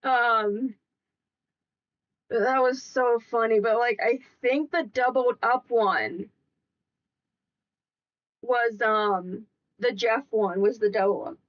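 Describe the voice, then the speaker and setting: A woman's voice: a little high, steady tone, slow pace, long pauses, lo-fi sound. A young woman streaming a casual chat, giggling and breaking into laughing fits as she talks.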